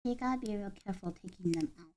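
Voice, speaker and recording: Deadpan woman vlogger, ironic calm. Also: mid-range voice, fast talker, a little hiss or hum. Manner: deadpan, ironic, mock-calm with sudden swearing. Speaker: vlogger building a craft kit. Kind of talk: casual chat while crafting.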